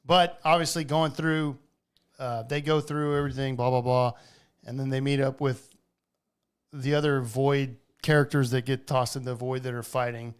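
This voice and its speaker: A man co-hosting a casual podcast, excitedly recapping a movie with swearing and quoted lines. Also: mid-range voice, moderate pace, clean tone. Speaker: podcast co-host. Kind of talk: casual chat.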